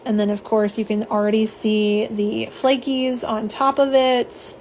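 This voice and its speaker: Chatty woman, livestream polish host, slightly high voice, faint home hum. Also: little pitch movement, measured pace, darkish tone. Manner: chatty, rambling, reads viewer comments aloud. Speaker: nail polish swatcher. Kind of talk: live unboxing chat.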